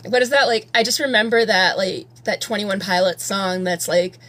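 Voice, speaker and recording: A woman's voice: mid-range voice, steady tone, normal speed, fairly bright tone. A woman in her thirties chatting casually on a live stream at home, rambling and candid and swearing freely while she does her makeup. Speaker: livestreamer.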